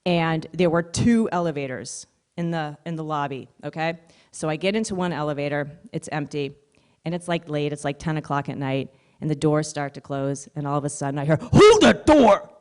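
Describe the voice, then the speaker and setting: A woman stand-up comedian telling stories on stage in a chatty, animated way. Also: low voice, a little fast, clean tone. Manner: conversational, animated storytelling. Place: stage at a live comedy showcase.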